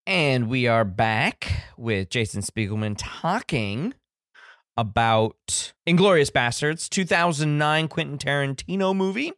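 A male podcast host speaks slowly, his pitch swinging up and down. He jokes and restarts his sentences in a dry, close recording. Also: lively intonation, fairly bright tone, no echo. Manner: joking, hesitant, with restarts. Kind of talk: casual podcast chat.

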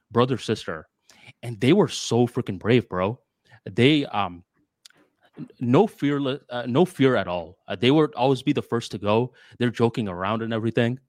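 A man co-hosting a casual podcast, telling a story in an animated way. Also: mid-range voice, dry recording, studio quality. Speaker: podcast co-host.

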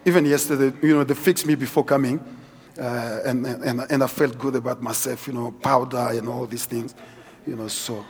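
A middle-aged man preaching a sermon as guest preacher in a large church hall, swinging from quiet asides to shouted exhortation. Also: moderate pace. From South Africa. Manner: animated, shifts from low asides to shouted exhortation. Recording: husky voice with long church-hall reverb.

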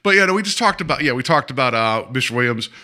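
A man co-hosting a casual film podcast, rambling and animated, with many restarts and asides. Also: mid-range voice, rapid-fire. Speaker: podcast co-host. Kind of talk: casual chat about films.

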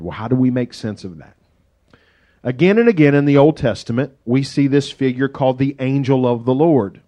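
A man's voice: mid-range voice, warm tone. A middle-aged man preaching a sermon as pastor, conversational and joking, acting out the voices in the story he tells.

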